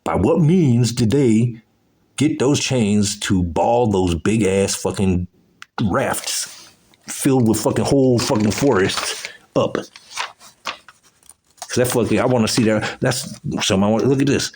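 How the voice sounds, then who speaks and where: A man's voice: on the low side, unhurried, pauses often, a little mellow, slightly rough. A man giving profane, agitated commentary on old photos, exclaiming as he goes. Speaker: video host.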